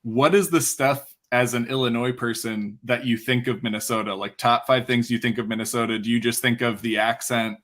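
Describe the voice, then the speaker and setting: Male host, playful, joking, casual chat, mid pitch. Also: steady tone, fairly bright tone. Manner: joking, fast, playful hype.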